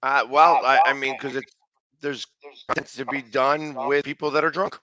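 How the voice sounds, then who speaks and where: Loud, rambling sports talk host. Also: male voice, medium pitch, fairly even intonation, normal speed, dry recording. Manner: loud, talkative, rambling with restarts.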